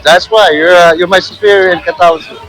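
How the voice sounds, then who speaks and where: A man's voice: high voice, steady tone, fast, gravelly, a bit bright, a faint crowd, low-quality recording. A man vlogging on a city plaza outdoors, rambling and joking into a handheld phone. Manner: rambling and joking, many fillers. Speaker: street vlogger. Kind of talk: casual walking commentary.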